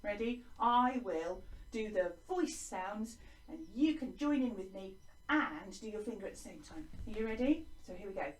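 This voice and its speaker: A woman's voice: mid-range voice, animated, moderate pace, echoey room, distant mic. A woman with an English accent teaching young children in an online lesson, in a sing-song, encouraging way that is exaggerated for small children. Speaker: primary school teacher.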